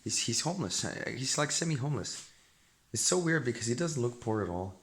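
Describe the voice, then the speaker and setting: A man's voice: mid-range voice, very animated, a little fast, a bit bright. A man chatting casually to his viewers in a rambling way, often breaking off mid-sentence, and sometimes reading aloud from a book. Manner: rambling, self-interrupting, chatty asides to viewer.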